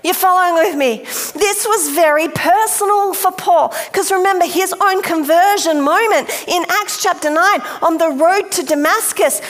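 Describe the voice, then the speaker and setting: A woman preaching a sermon, emphatic and deliberate, speaking directly to her listeners. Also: extremely high pitch, a bit bright. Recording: long hall reverb.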